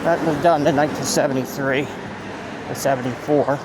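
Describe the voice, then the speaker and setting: A man's voice: mid-range voice, steady tone, fairly quick. A man with a Central Pennsylvania accent, walking outdoors and narrating casually into a handheld phone, rambling and restarting as he points things out. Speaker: local walking-tour vlogger. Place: outdoors on a town street with passing cars. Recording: faint street noise outdoors. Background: traffic and street noise.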